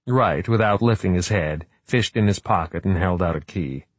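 Low, husky male audiobook reader, measured and even, close and dry. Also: no echo. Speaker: audiobook narrator. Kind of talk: scripted narration.

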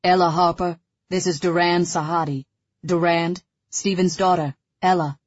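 A woman voicing a wealthy, composed older man who speaks slowly and drily, in an audiobook reading. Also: on the low side, steady tone, no room sound, muffled recording, lightly acted. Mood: calm.

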